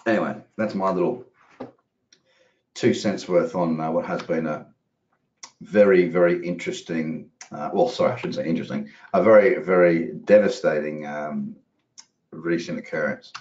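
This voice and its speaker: His voice is low and darkish, held at a steady tone and a moderate pace. The trading educator chats his way through live market commentary, rambling and dropping casual profanity. Sound quality is lo-fi, dull and roomy.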